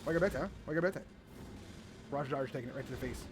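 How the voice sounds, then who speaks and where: A man giving playful, excited commentary while playing a video game with his son, exclaiming often. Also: mid-range voice, very fast, over music. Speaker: gaming video host.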